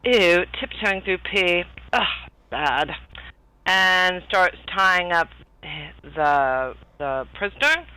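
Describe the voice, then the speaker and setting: A man's voice: high voice, very animated, extremely slow, pushed and bright, clear, resonant tone, no room sound, rough recording. A man playing a tabletop game, narrating his character's actions in a rambling way, full of fillers. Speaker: player.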